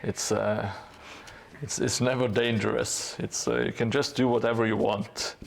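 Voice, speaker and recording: A man's voice: medium pitch, little pitch movement, normal speed, creaky. A man streaming live as he paints a tabletop gaming board, chatting casually in a hesitant way full of fillers and dry jokes.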